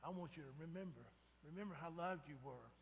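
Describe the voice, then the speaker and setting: High-voiced preacher in reverb. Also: male voice, quick pace, slight background noise. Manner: conversational, asks the congregation "right?". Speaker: pastor. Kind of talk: sermon. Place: church sanctuary. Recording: reverberant church sanctuary.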